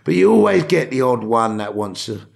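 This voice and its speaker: A middle-aged man with a London accent, an actor telling stories as a podcast guest, animated and swearing freely. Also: medium pitch, moderate pace, gravelly. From England. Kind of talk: casual podcast interview.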